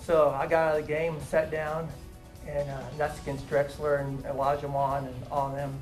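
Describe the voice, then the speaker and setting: A man's voice: on the high side, completely flat delivery, moderate pace, faint music behind, rough recording. A man in his fifties, a former player, telling stories about his old coach in an earnest, emphatic way. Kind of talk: casual interview tribute.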